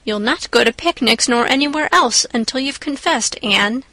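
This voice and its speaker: A woman's voice: high-pitched, expressive, normal speed, pushed and bright, no room sound, full character voice, poor audio. A woman voicing a stern, strict older female guardian who speaks firmly and curtly. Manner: firm, clipped.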